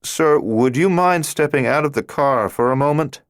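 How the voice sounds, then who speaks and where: A man's voice: a little high, moderate pace, no echo, studio quality, voice pushed up, lightly acted. A male narrator voicing a friendly, curious patrol cop with a playful, tentative manner in an audiobook. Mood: stern.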